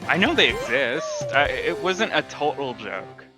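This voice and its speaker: A man's voice: medium pitch, big pitch swings, measured pace. A man doing casual live commentary on a speedrun, with wry, sarcastic banter. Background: game music.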